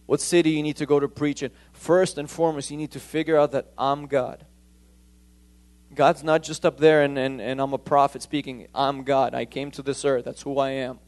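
A man's voice: mid-range voice, level tone, moderate pace, a little mellow. A man preaching a conversational sermon, emphatic and repeating key points.

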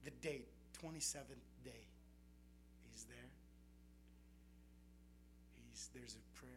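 Over steady background noise in a noisy recording, a young man preaches slowly in a mid-range voice. His sermon is built on testimonies told in an earnest, storytelling way.

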